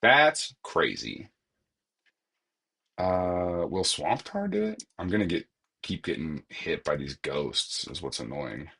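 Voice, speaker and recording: Husky man chatting over gameplay. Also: low-pitched, expressive, a little slow. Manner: joking, chatty, talks to himself while playing. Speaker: gaming streamer. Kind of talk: casual gameplay commentary.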